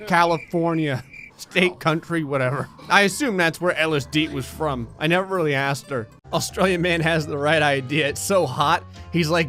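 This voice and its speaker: A man giving comedic, sarcastic commentary while playing a life-sim game, swinging from shrieking excitement to a low menacing mutter. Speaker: gaming commentator. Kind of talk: comedic let's play commentary.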